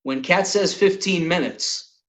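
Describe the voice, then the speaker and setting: A comedian hosting his podcast speaks in a high-pitched voice at a measured pace. He tells a long, funny anecdote in relaxed, profane conversation, swearing animatedly as he goes.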